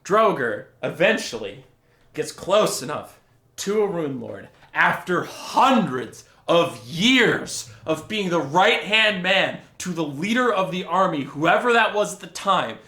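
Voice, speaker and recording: A man's voice: sits high, sing-song, takes it slowly, sharp tone, reverberant. A man hosting a game-lore video, ranting in exasperation and swearing freely. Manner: exasperated, profane, acts out characters' lines.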